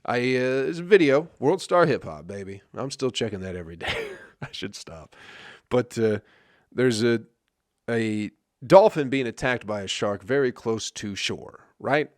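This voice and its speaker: This comedy podcast host from Flint, Michigan unleashes a profane monologue, swearing all the way through and frequently asking "you know what I mean, people?" He's unhurried, with a medium pitch and lively intonation, and the studio sound is clean with no room sound.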